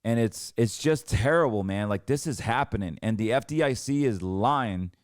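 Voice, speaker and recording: Heated, low-voiced male finance host. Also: expressive, normal speed, no echo, clean studio sound. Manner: heated, emphatic, rambling with restarts. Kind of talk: ranting commentary.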